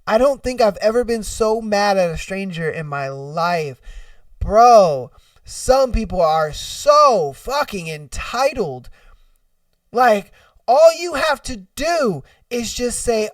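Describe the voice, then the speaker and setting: Chill podcast guy reading posts out loud, swears a lot, dry sound, kinda back from the mic. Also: high-pitched, animated, slow, no room sound, far from the mic. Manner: loose, profane, laughs at his own retellings. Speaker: podcast host.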